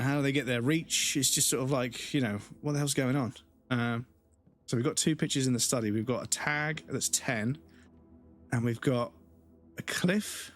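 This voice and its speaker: Congested, sweary British man streaming. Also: mid-range voice. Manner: ranting, heavy swearing. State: congested, keeps clearing his throat. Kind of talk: casual live-stream chat.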